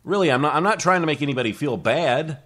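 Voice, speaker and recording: A man's voice: a little high, lively intonation, fast talker, fairly bright tone. Rambling male talk show host. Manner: rambling, self-correcting, with frequent restarts. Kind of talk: casual solo talk show monologue.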